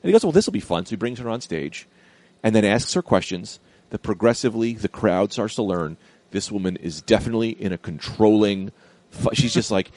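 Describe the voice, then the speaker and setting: A comedian telling a story in casual chat, acting out the people in it with loud, lively quotes. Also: male voice, on the low side, a little fast, no room sound. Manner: animated, acts out quotes loudly.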